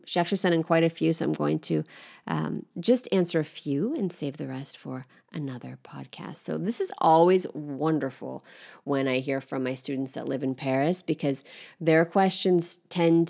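A middle-aged woman hosting a relaxed podcast French lesson, speaking gently and spelling words out letter by letter, sometimes dropping to a soft whisper. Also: sits low, gravelly. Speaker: French teacher and podcast host.

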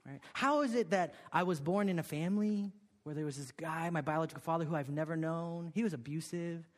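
A Korean pastor preaches a sermon, telling a personal story peppered with "okay?" and "right?" asides. He drops to a hush, then rises with emphasis. His voice is fairly high and a little fast, with a long reverb tail.

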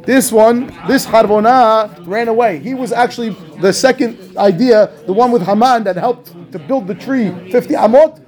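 Man, rabbi, text class, high voice, animated, questions and answers. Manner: animated, asks and answers his own questions. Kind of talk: Torah class commentary.

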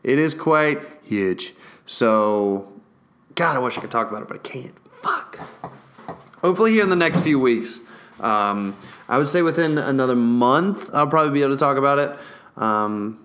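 Young male vlogger, loose casual chat, swears freely, loud bursts then hushed asides. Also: mid-range voice, moderate pace. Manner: profane, excitable, jumps between loud and hushed; acts out whispered store dialogue.

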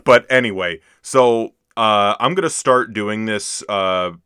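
Low, bright-toned man joking on a podcast. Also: takes it slowly, smooth, no echo. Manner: dry jokey asides, hesitant fillers. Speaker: podcast co-host. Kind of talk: casual chat.

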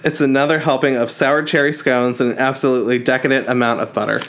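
A man hosts a relaxed book podcast in a playful, joking way. He reads a book blurb aloud and breaks off into laughs. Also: mid-range voice, quick pace, a little hiss or hum. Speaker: podcast host. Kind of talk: casual book chat.

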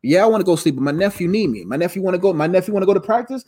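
A man with a high, lively voice teaches scripture on a live stream, loose and slangy, circling back over his own words. He sounds tired but keeps the talk animated, with the pitch swinging up and down. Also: rapid-fire, breathy edge. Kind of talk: casual live Bible teaching.

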